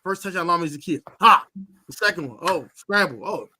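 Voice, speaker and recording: A young man hosting a casual sports podcast, telling stories with loud, playful trash talk. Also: sits high, animated, brisk, no room sound, studio quality. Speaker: podcast host.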